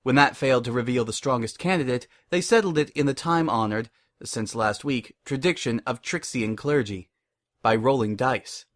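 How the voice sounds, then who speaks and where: A man narrating a story in a measured, expressive dramatic reading. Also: mid-range voice. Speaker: reader.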